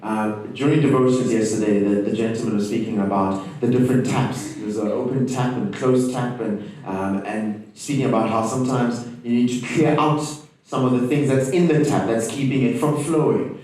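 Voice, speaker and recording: A man's voice: mid-range voice, steady tone, normal speed, darkish tone, far from the mic. A man leads a panel, posing long, searching questions in a conversational way. He sits some way from the mic, and his voice rings through a very echoey hall. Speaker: panel moderator. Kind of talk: panel discussion.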